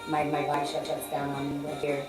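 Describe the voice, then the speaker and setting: Low-pitched woman, throaty, rambling chat, roomy distant sound, music underneath. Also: completely flat delivery, a little fast. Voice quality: deep, throaty. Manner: rambling, restarts, swears freely. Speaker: guest musician. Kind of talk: casual chat.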